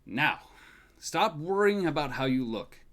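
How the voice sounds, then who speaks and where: A man doing a booming old grandfather. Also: big pitch swings, unhurried. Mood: reassuring. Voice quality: deep, booming. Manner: gentle, teasing and reassuring.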